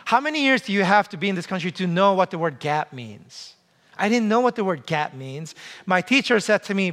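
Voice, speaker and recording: A male pastor in his forties delivers a sermon like a conversation, asking questions and slipping in jokes. His voice sits fairly high for a man. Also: lively intonation, fairly quick, a bit bright. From came to the US as a child. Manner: conversational preaching with humor and rhetorical questions.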